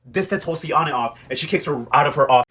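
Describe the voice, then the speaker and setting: A man casually recapping a TV drama in a gossipy, animated way, acting out the characters' lines as he goes. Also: fairly high pitch, fast, slightly rough. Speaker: host recapping a TV novela. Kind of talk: casual chat.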